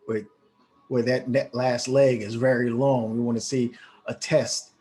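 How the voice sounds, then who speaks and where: This man. He talks through a live trade in a loose, excitable way and keeps restarting his sentences. He sounds like a casual trading teacher talking straight to his viewers. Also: mid-range voice. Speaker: forex trading educator.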